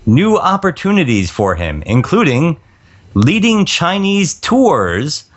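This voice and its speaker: A man's voice: on the high side, huge pitch swings, slow. A man co-hosting a comedic podcast, reading odd news stories and dropping dry wisecracks. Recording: dull lo-fi podcast audio with faint music.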